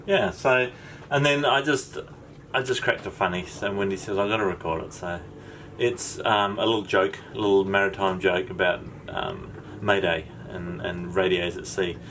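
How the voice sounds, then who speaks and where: A man's voice: deep voice, steady tone, normal speed, a bit bright, slight background noise. A man hosting a sailing vlog, chatting casually and rambling with lots of ums while recording on his boat. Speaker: vlog host. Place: on a sailboat.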